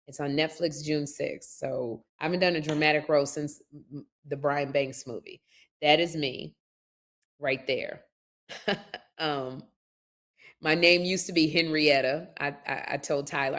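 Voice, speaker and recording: A middle-aged woman hosting a podcast, telling stories in casual chat and acting out the people in them. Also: deep voice. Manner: animated storyteller, lively retellings with laughs. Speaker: podcast host.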